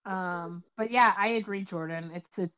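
Podcast host, woman, lively storyteller, slightly muffled audio. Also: medium pitch, moderate pace, clean tone. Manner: animated storytelling, acts out quotes, many fillers. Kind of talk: casual chat about films.

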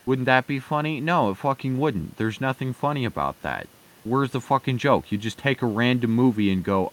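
A man's voice: medium pitch, very animated, moderate pace. A man ranting in heated, profane commentary, full of fillers and restarts.

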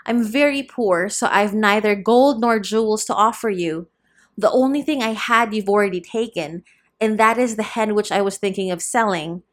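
A woman's voice: medium pitch, moderate pace, natural voice. A woman voicing a poor, desperate peasant mother who pleads in fear, in an audiobook reading. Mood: begging. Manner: pleading, fearful.

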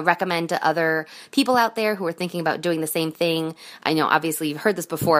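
A woman leaves a voicemail full of gushing thanks, pausing often on small fillers. Her voice is quite low. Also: a bit bright. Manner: effusive, grateful, hesitant with fillers. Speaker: caller leaving a voicemail. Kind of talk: recorded voicemail message.

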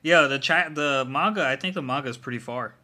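Guy with a bright voice, mid pitch, blunt and casual, swears a lot. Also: fairly quick. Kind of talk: casual chat.

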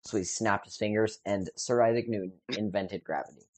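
A fairly low-voiced man on a comedy podcast who delivers absurd jokes deadpan. He is recorded dry and close. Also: fairly quick, no echo. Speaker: podcast co-host. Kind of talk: casual comedic chat.

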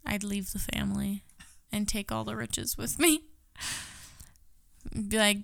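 A woman's voice: medium pitch, measured pace, creaky, long pauses, no echo, clean studio sound. A woman co-hosting a casual podcast chat, giggly and full of "like" fillers. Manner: giggly, filler-heavy, says "like" often. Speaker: podcast co-host.

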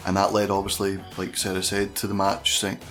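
A man's voice: low-pitched, monotone, brisk, a bit bright, soft background music. A man hosting a casual group podcast, leading the talk and asking the others in turn. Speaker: podcast host. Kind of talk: casual group chat about wrestling.

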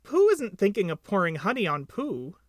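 A man doing a squeaky, eager little piglet. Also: very animated, moderate pace, dry recording, clean studio sound. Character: tiny timid excitable young male piglet. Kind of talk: storybook reading.

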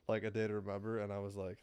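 A young man co-hosting a podcast in casual chat, rambling with lots of fillers and frequent laughs. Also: on the low side. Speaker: podcast co-host.

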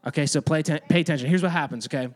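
A youth pastor with a notably high voice teaches a group of children in a loose, chatty way. He jokes often and fills his sentences with "like". He keeps the room in order as he goes. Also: racing. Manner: chatty, joking, many filler "like"s; addresses and manages kids in the room. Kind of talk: casual youth sermon.

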